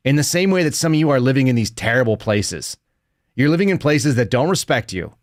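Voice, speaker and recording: A man's voice: medium pitch, expressive, a little fast, dry recording, clean studio sound. A man in his thirties hosting a live podcast, giving blunt, mocking commentary and laughing often. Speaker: podcast host.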